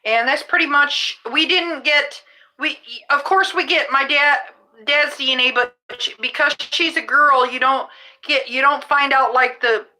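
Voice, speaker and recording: A woman's voice: high voice, steady tone, unhurried, pushed and bright, rough recording. A middle-aged woman, a rideshare driver, hosting a podcast in a casual, rambling way, often restarting her sentences. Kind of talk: casual chat.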